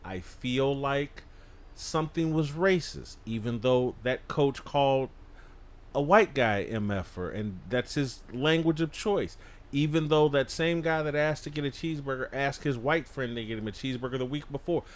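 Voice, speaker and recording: A man's voice: mid-range voice, moderate pace. A man appearing as a guest on a studio panel show. He makes emphatic, punchy declarations of opinion. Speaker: guest commentator. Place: podcast studio.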